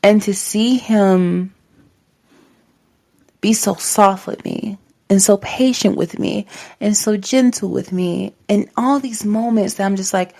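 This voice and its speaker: A woman's voice: mid-range voice, slow, gravelly, mellow. A young woman hosting a faith-based podcast, speaking heartfelt and encouraging words straight to her listeners in a casual way. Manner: casual, says "like" often. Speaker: podcast host. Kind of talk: faith-based motivational talk.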